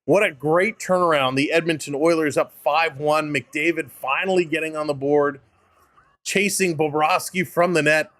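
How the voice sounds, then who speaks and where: A Canadian-accented man calls a hockey game live for an online audience. He mixes play-by-play with upbeat shout-outs to chatters. His voice sits a little high, recorded close and dry with no room sound. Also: fairly even intonation, moderate pace, no room sound. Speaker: live-stream host and play-by-play caller.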